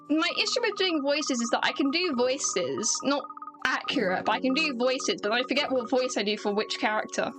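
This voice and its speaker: A British woman streams a game and chats in self-mocking asides, her voice strained by illness. Her pitch sits high. Game music plays clearly behind her. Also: lively intonation, normal speed. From Britain. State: unwell, finds talking hard. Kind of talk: casual let's-play commentary.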